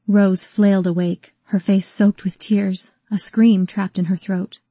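A woman narrating a novel in an even, measured storytelling manner. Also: mid-range voice, husky, dry recording. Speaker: audiobook narrator.

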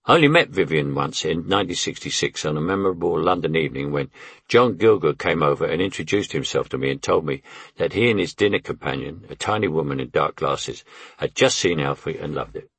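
An older man reads his memoir in a deep, husky voice, wry and anecdotal. The sound is dry and close, with no room around it. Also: a bit bright, no echo. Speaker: memoir narrator. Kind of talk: memoir audiobook narration.

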